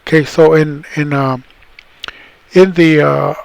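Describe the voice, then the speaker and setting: A man's voice: on the high side, fairly even intonation, slow pace, gravelly, no echo, poor audio. A middle-aged man from the Tohono O'odham Nation giving a recorded cultural presentation, rambling and restarting as he explains words. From Tohono O'odham Nation, southern Arizona.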